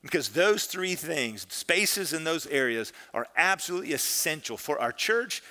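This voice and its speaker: A male pastor delivers a sermon in a high, bright voice that pushes forward with energy. He preaches conversationally, animated and storytelling, slipping into the voices of the people in his story and surging and dropping in volume for effect. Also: normal speed. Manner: animated storytelling with dramatic shifts in loudness, acts out quoted voices; conversational, peppered with "man" and "listen".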